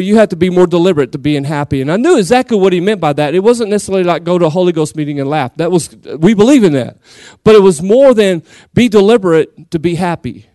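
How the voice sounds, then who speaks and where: High-voiced Southern preacher, booming and lively. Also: male voice, no room sound. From Texas. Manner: lively, shouts and drawls phrases to the congregation. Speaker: guest pastor. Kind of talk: Pentecostal sermon. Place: church.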